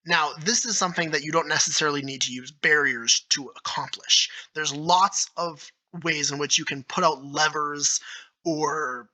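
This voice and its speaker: A man talking solo as a video creator, explaining his own tabletop game rules with eager enthusiasm, thinking out loud with fillers and restarts. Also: fairly high pitch, fairly even intonation, moderate pace, poor audio. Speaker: YouTube creator.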